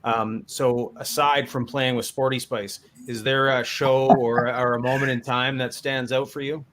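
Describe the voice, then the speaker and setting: A man's voice: mid-range voice, little pitch movement, normal speed, fairly bright tone. A man hosting a podcast, asking open, easygoing questions in a casual interview. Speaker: podcast host.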